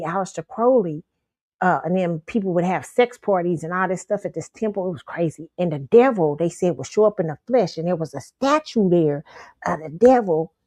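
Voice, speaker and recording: A woman with a low, dark-toned voice hosts her own show, telling viewers a story emphatically and insistently, often repeating herself. There's no room sound.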